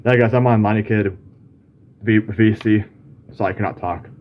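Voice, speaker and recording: A man at home filming a severe storm out his window, giving excitable, exclamatory live commentary to his viewers. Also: lowish voice, moderate pace, dull audio. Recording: heavy rain and hail noise. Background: rain and hail pounding.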